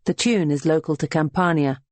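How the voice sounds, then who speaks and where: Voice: mid-range voice, normal speed, a little mellow, no room sound, natural voice. A reader voicing a guarded, tactful young enslaved Greek woman in an audiobook, in an everyday reading voice. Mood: polite.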